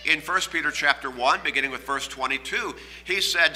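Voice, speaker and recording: A man preaching a sermon, teaching in a measured way and reading scripture aloud with emphasis. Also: on the high side, bright, forceful tone, long reverb tail, poor audio.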